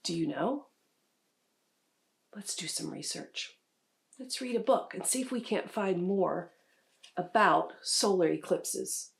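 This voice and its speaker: A woman museum educator reading a children's storybook aloud in an animated, teacherly way. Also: on the low side, slow, creaky, long pauses, slightly rough.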